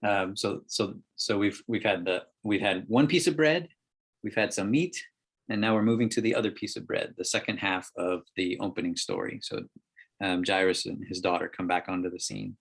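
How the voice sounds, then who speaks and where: Deep-voiced man teaching Bible study. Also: animated, vocal fry, breathy edge. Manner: halting, many ums and restarts, reads scripture aloud. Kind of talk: casual Bible teaching on a group call. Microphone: call microphone.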